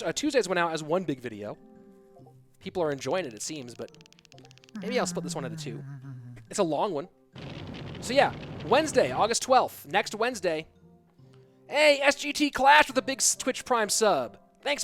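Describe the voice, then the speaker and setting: A man with a high-pitched voice calls a game tournament live on stream, chatting with his viewers between plays. Music runs clearly underneath him the whole time. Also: sing-song, normal speed, fairly bright tone. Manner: chatty, talks straight to his chat.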